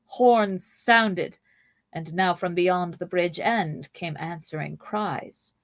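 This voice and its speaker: A woman hosting a podcast, reading a novel aloud in a measured, expressive way with playful asides. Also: lowish voice, dry recording.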